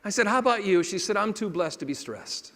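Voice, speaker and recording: A man giving a motivational keynote, telling stories and acting out dialogue, dropping to a hush and then rising loud. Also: sits high, animated, a little fast. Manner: dramatic shifts between hushed and loud, acting out dialogue. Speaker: motivational speaker. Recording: long hall reverb.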